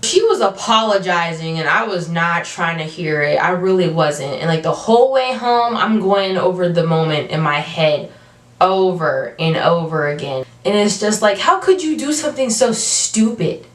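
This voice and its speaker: A young adult woman telling a storytime vlog, animated and emphatic, with casual slang. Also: lowish voice, moderate pace. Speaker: vlogger. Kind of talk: storytime monologue. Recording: roomy, from a distance.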